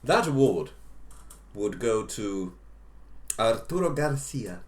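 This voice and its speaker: A man's voice: medium pitch, very animated, slow, a little hiss or hum. Rambling man telling a story, roomy echo. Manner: rambling, lots of fillers and restarts, jokey asides. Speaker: podcast co-host. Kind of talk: casual comedic storytelling.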